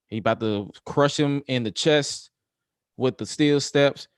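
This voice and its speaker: A man giving an animated casual recap of a match, acting out the scenes he describes. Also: medium pitch, unhurried, smooth, dry recording, clean studio sound. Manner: acts out scenes with exaggerated quoted voices. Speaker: wrestling show co-host.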